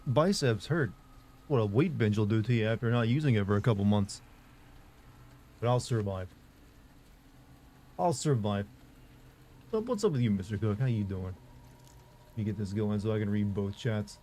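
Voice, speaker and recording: A young man streams live, rambling loosely, joking about his sore arms and reading chat comments aloud. His voice is lowish and a little mellow, with lively intonation, normal speed and frequent pauses.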